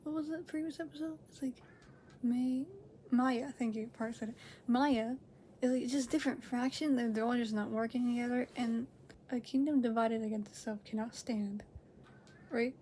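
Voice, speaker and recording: A woman with a voice on the high side chats casually to camera while hosting a reaction video from home, speaking at a moderate pace. She wanders, self-corrects and laughs often, shifting between excited loud outbursts and hushed near-whispers, with slight background noise.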